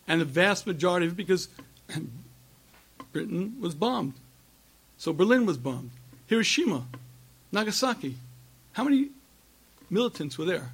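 Emphatic high-voiced man lecturing with fervor. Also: slightly rough. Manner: emphatic, rhetorical questions, repeats phrases for force. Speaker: rabbi giving a talk. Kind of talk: impassioned religious lecture.

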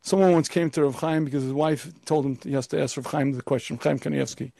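A man teaching Torah as a rabbi, emphatic and full of rhetorical questions. His voice sits a little high but sounds mellow and soft-edged, and the recording is dry and close. He sometimes slips into a pompous, self-important voice to make his point. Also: steady tone, fast talker, vocal fry, no echo. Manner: acts out a pompous, arrogant voice. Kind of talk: Torah lecture.

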